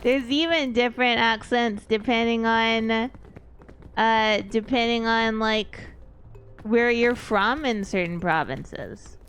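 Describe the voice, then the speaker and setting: A woman's voice: on the high side, slow, a bit bright, smooth. A woman from East Texas, chatting casually as a streamer and thinking aloud in a rambling way.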